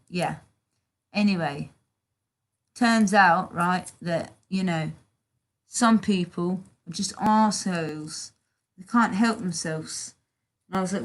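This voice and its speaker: Chatty British woman livestreaming, low voice. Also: measured pace, long pauses. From Britain. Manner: chatty, sweary, reads and answers chat. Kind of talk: casual live-stream chat.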